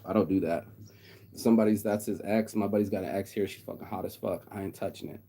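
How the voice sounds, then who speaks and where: Deep, dark-voiced man ranting fast. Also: steady tone, vocal fry. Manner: blunt, profane, mimics others in quotes. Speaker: vlogger. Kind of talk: casual ranting monologue.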